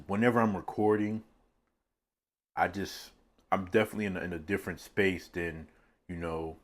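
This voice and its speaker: A man talking casually while eating a meal on camera. He rambles from one thought to the next and chuckles often at his own remarks, recorded on a phone set on a tripod. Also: sits low. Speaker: mukbang vlogger. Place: seated indoors at a meal.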